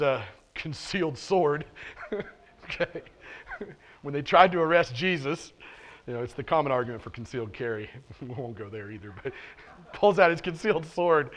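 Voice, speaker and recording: A man preaching a sermon with a slightly raised pitch. He talks loosely and conversationally, using many fillers and restarting sentences, and he drops in playful asides. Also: a bit bright. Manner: casual and conversational, with frequent "like" and restarts; playful asides and short laughs while preaching. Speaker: pastor. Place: church.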